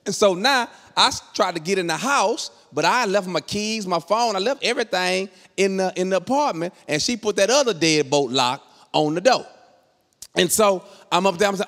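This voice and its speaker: A man's voice: high voice, moderate pace, long reverb tail. A middle-aged man telling a comic story on stage, acting out the voices of people in it. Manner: animated, acts out voices in his story. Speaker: comedian. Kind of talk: storytelling stand-up comedy.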